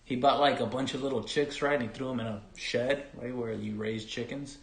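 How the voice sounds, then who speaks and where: A man co-hosting a casual chat with his wife, joking and animated. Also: medium pitch, brisk, gravelly. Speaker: co-host. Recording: roomy echo.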